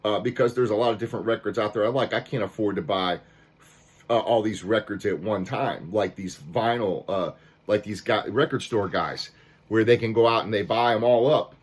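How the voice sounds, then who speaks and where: Guy ranting bout record prices, kinda low voice, gets worked up, lots of restarts. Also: moderate pace, husky. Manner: fired-up, repetitive restarts, swears mildly. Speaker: vinyl record collector ranting. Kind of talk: casual rant to camera.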